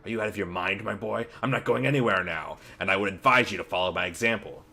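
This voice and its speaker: A man reading aloud the lines of a gruff, rich older factory boss in a game. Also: fairly low pitch, fast, pushed and bright, exaggerated voice. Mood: dismissive. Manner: reads game dialogue aloud, dismissive.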